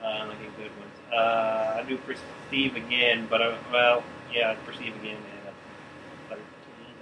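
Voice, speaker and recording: A man's voice: on the low side, level tone, unhurried, distant mic. A man playing in a tabletop game, casual and joking, recorded away from the mic with air-conditioner hum. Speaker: player.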